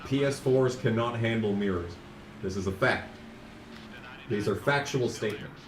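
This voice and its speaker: A man streaming a racing game, chatting casually and ranting sarcastically, sometimes mocking a fast auctioneer. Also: lowish voice, roomy sound, distant mic, background noise. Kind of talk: casual live-stream commentary.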